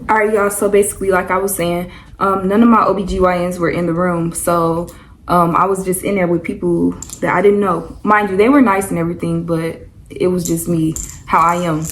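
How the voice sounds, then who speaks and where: A woman's voice: lowish voice, fairly even intonation, brisk, rough recording. A young woman telling a personal story to her viewers in a loose, rambling, chatty way. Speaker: vlogger. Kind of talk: casual storytime chat.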